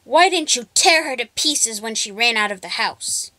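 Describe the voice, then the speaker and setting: A woman voicing a cruel old witch who shrieks in a high-pitched, furious voice. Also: animated, normal speed, sharp tone, no room sound.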